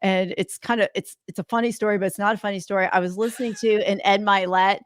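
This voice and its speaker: A woman's voice: mid-range voice, fairly even intonation, quick pace, dry recording, clean studio sound. A woman podcast host from South Carolina, sharing an earnest, reflective story in casual chat.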